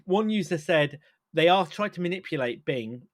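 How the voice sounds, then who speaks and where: A man co-hosting a casual tech podcast, animated and laughing often, restarting sentences as he talks. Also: on the high side, normal speed. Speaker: podcast co-host.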